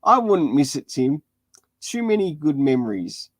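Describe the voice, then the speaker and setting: A livestream host reading aloud and voicing a relaxed, good-natured young male hero who acts as a big brother. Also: mid-range voice, measured pace, no echo.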